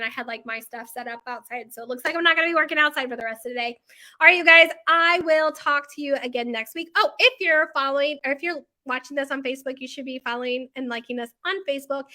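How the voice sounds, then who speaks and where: Bakery owner, woman, high and bright, casual and flustered promo chat. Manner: chatty, self-mocking, flustered.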